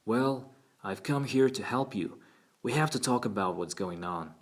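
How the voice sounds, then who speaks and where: Man voicing a patient woman therapist, gentle and probing, only lightly lifted from a low voice. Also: lively intonation, unhurried. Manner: gentle, questioning.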